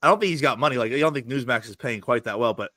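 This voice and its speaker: Appearing as a guest on a casual podcast, a man rattles off fast, profane anecdotes punctuated by bursts of laughter. His medium-pitched voice is bright and forceful, and the sound is dry and close, with no echo or room around it.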